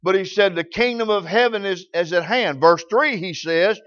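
A man's voice: high voice, moderate pace, hardly any pauses, fairly bright tone, muffled recording. A man preaching a sermon, telling folksy stories in rural grammar.

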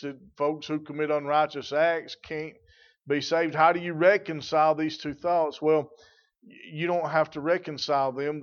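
A man preaching an evening sermon, slow and emphatic on key points, with frequent "uh" fillers. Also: on the high side, lo-fi sound. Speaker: pastor.

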